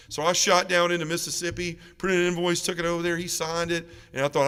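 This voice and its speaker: A middle-aged man tells his personal testimony to a parish gathering, earnest and acting out each person in the story. His voice sits a little high for a man. A long church reverb hangs behind him. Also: little pitch movement, fairly quick, fairly bright tone, clean tone. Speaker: parish mission speaker. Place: large church.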